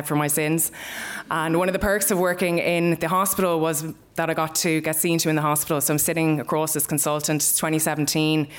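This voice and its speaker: A young Irish woman telling a personal story live, in a candid, conversational way with plenty of swearing. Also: low-pitched.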